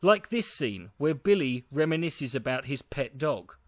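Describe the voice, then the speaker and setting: A man narrating a film review from a script, measured and posing rhetorical questions. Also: mid-range voice, very animated.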